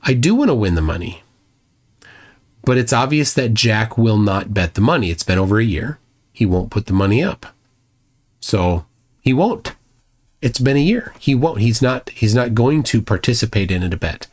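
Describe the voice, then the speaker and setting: Low-pitched man, Minnesotan accent, loose live-stream chat, rambling, reads viewer messages. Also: animated, normal speed, darkish tone. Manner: rambling, reads chat aloud, many restarts.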